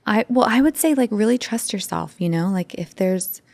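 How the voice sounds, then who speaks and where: Chatty woman, animated guest storyteller. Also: medium pitch, normal speed, creaky, dry recording. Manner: open, animated storytelling with many fillers. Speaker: podcast guest. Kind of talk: casual interview conversation.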